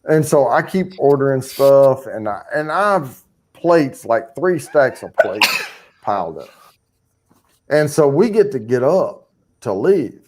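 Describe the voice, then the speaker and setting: A man's voice: mid-range voice, takes it slowly, slight background noise. Man telling a story on a stream. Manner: animated, profane, acts out voices. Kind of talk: casual storytelling.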